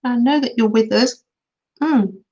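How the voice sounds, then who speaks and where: A woman's voice: fairly high pitch, unhurried, mellow. A middle-aged woman chatting to viewers as she hosts a crafting live stream, giggling often. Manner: chatty, giggly, talks to viewers while working. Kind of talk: casual crafting tutorial chat. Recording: dull lo-fi sound.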